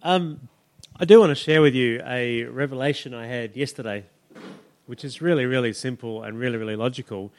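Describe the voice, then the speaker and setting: A man's voice: mid-range voice, fairly quick. A male pastor preaching and teaching, often putting questions to the congregation. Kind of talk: sermon.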